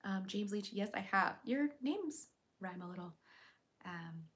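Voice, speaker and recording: A woman streamer chatting casually on a livestream, reading viewers' comments aloud and answering them with quick giggles. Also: medium pitch, animated, fairly bright tone. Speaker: streamer and voice actor.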